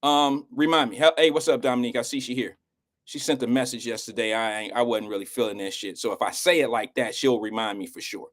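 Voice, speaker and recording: A man's voice: medium pitch, fast. A middle-aged man hosting a live show, telling a rambling, slangy and emotional story in casual talk.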